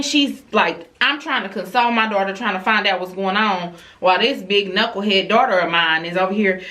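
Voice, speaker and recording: Bright-voiced woman telling an animated story. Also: poor audio. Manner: animated storyteller, jumping high when retelling her reactions; casual and conversational, addresses viewers directly. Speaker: mother telling a family story to her channel. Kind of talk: story-time vlog.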